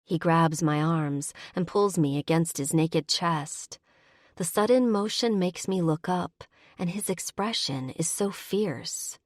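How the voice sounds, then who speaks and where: A woman reads a first-person romance in a measured, intimate manner. Her voice sits a little low and moves at an unhurried, very slow pace. The recording is dry and close. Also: a little mellow, no room sound. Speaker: audiobook narrator.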